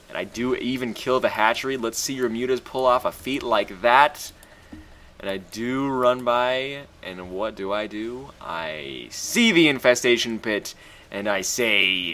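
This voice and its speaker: Excitable man with a bright, forceful voice. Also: on the low side, unhurried, slight background noise. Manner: excitable, profane, bursts into loud shouts. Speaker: gamer commentating his own match. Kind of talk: casual strategy game commentary.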